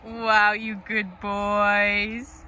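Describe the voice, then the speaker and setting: A woman's voice: mid-range voice, completely flat delivery, very slow, sharp tone, slight background noise. A young woman vlogging outdoors at a horse stable, praising her horses in sweet baby talk with lots of giggles.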